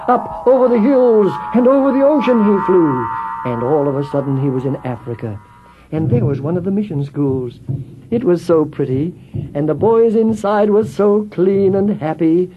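A man narrating a children's story in an expressive voice that swells with feeling. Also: sits high, moderate pace. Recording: tinny phone-like with faint music.

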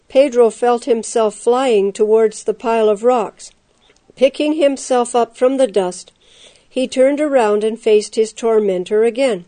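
A woman narrating a story aloud in a steady, expressive storytelling manner. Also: a little high, a little slow. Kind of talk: storybook reading.

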